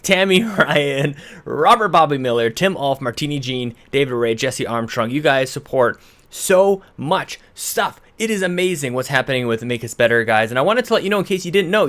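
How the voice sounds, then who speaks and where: A man's voice: mid-range voice, a bit bright. A man hosting a podcast intro in a casual, rambling way, correcting himself as he goes and sounding a little out of breath. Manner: rambling, self-correcting, chatty. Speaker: podcast host. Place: home in British Columbia.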